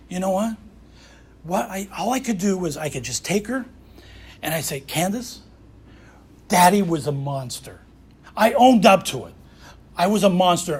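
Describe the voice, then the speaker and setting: Man, middle-aged, Southern US accent, blunt and profane, fairly high voice. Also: a little hiss or hum. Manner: raw, blunt, swears freely. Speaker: recovery speaker. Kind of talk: personal recovery talk.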